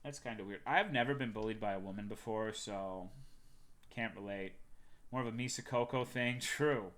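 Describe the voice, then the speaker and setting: A man's voice: fairly low pitch, normal speed, a bit bright. A young man from Texas, a livestreamer chatting casually with his viewers in a loose, profane and joking way.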